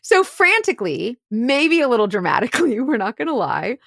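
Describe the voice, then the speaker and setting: Woman investigator spinning a case story, chatty and animated, dry close sound. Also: on the high side, fairly quick, gravelly, dry recording. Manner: animated, heavy use of "like". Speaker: private investigator. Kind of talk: casual storytelling podcast.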